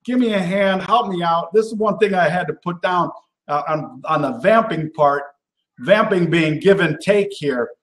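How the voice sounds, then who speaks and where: A man's voice: high-pitched, moderate pace, reverberant. A man hosting a live cooking show in casual, chatty talk. He keeps tagging his points with "all right?" and gets worked up as he goes. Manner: enthusiastic and animated, gets worked up. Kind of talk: casual live-stream chat.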